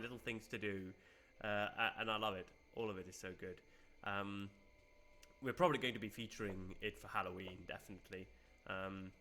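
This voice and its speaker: Bright chatty young guy streaming a game, laughs a lot. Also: fairly low pitch, slight background noise. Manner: cheerful, chatty, laughs often. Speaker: game streamer, community host. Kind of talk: casual live-stream commentary.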